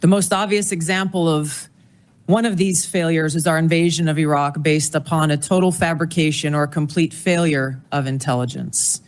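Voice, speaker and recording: A woman's voice: low voice, fairly even intonation, normal speed. Composed woman giving formal testimony. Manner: firm and composed. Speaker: nominee testifying at a hearing. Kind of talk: formal testimony and prepared statement.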